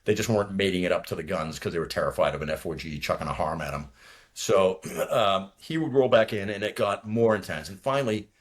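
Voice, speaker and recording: A man in his sixties from near Boston, a retired fighter pilot telling a war story in casual, profane, rambling talk. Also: deep voice. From from near Boston, USA. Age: 60s. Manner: rambling, profane, talks fast when nervous.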